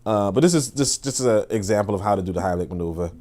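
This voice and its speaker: Animated profane man hosting a livestream. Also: fast talker. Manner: animated, profane, laughs often, talks to chat; swings between loud outbursts and low mutters. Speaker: livestream host reacting to a video. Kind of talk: casual commentary livestream.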